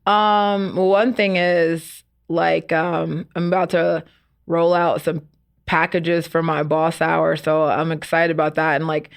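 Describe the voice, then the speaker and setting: Woman, podcast guest, casual chat, filler-heavy, slightly low pitch. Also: level tone, takes it slowly, vocal fry. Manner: chatty, many fillers like "like" and "you know". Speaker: podcast guest, networking group founder. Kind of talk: casual conversation.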